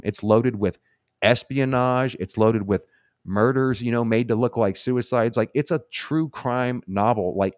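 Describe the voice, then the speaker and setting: A middle-aged man talking casually on a live stream, his voice fairly low and close up. He rambles at length, swears freely and leans hard on his points, all in a dry room with no echo. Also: darkish tone. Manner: rambling, profane, emphatic.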